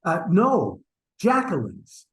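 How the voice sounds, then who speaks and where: A man's voice: high voice, wildly swooping pitch, slow pace, fairly bright tone, exaggerated voice, poor audio. A man playing a flustered cheating husband. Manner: sheepish and stammering, pressing his friend. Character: flustered middle-aged husband hiding an affair. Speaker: acting student. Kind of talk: online stage scene acting. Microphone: video call.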